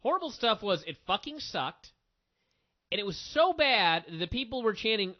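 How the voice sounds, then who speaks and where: Man, high lively voice, opinionated podcast host, dull lo-fi sound. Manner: animated, opinionated, quick asides. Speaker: wrestling review podcast host. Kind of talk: casual review chat. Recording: dull lo-fi audio.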